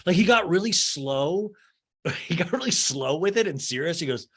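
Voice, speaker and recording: A man's voice: a little high, lively intonation, normal speed, slightly rough. Chatty, gossipy male podcast host. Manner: chatty and gossipy, laughing and swearing freely; sarcastic, mimicking cast members in exaggerated voices. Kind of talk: casual solo podcast recap.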